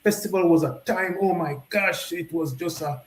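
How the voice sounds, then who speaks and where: Interviewed on a talk show, a Jamaican festival founder speaks in a noticeably high voice at a moderate pace. His delivery is animated and story-driven, and he often starts sentences over, his words ringing in an echoey room.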